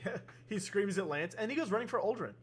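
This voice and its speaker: A man with a high, very lively voice jokes and swears his way through a casual tabletop game. His talk bounces up and down as he reacts. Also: fast, a little hiss or hum. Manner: excitable, swearing, joking. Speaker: player.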